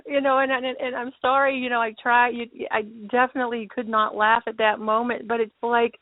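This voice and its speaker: A woman hosts a paranormal talk show, chatting and telling stories with emphasis. Her voice sits fairly high. The sound is tinny and phone-like, with a dry, close feel. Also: flat delivery, fairly quick, dry recording. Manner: chatty storyteller, emphatic, laughs easily. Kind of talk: casual talk show chat.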